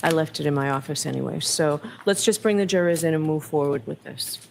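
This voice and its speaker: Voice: mid-range voice, brisk, gravelly, noisy background. Firm judge giving rulings. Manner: firm, decisive. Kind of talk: courtroom ruling.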